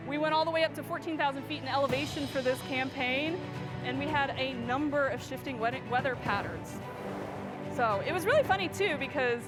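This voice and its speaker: A woman with a high, bright-pitched voice tells stories on stage to a live audience, lively and excited. Her voice rings out with a long reverb from the large hall. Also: a little fast, over music. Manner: enthusiastic, animated storytelling with frequent laughter. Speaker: wildlife photographer giving a stage presentation. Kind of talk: live storytelling presentation to an audience.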